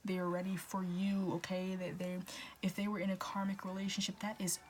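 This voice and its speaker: A woman doing a casual tarot reading, talking in an animated, repetitive way with swearing and stumbles. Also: medium pitch, fairly quick, slight background noise. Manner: animated, repetitive, profane, often restarting words. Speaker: tarot reader.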